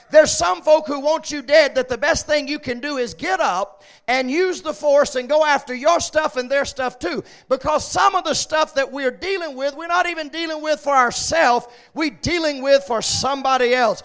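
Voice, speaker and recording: A man preaching a sermon, swinging between shouted peaks and quiet asides. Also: extremely high pitch.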